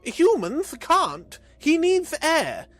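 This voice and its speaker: A jittery male alien envoy, officious and easily rattled, whose voice jumps high and strained. The words come out slow and oddly placed, in an odd timbre far from a normal human voice, in a storybook sci-fi reading. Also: wildly swooping pitch, exaggerated voice. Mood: alarmed.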